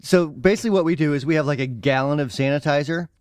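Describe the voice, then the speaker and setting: A man's voice: fairly high pitch, quick pace, dry recording, studio quality. A man with a Midwestern accent co-hosting a podcast in casual chat, rambling with fillers and easy laughs. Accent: American Midwest. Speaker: podcast co-host.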